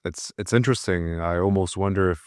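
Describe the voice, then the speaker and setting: A man's voice: sits low, fairly quick, smooth, dry recording, clean studio sound. A man who fights, speaking thoughtfully and candidly in a casual podcast conversation. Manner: thoughtful, candid, with soft laughs.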